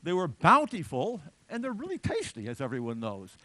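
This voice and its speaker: A man's voice: fairly high pitch, wildly swooping pitch, moderate pace, pushed and bright, no echo. A middle-aged man giving a lecture in a conversational, humorous storytelling way, full of asides. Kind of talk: lecture with anecdotes.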